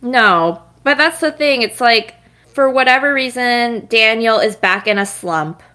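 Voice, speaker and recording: A woman with a fairly high voice co-hosts a casual podcast. She talks through the race in a chatty, analytical way and laughs often. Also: expressive, measured pace, sharp tone. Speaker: podcast co-host. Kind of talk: casual chat about motor racing.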